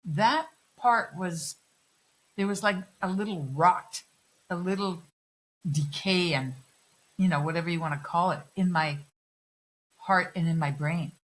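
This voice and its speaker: A middle-aged woman telling personal stories in a candid interview, animated and swearing freely as she acts out other people's lines. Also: fairly low pitch, a little slow, long pauses, poor audio. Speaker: guest. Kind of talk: candid conversational storytelling.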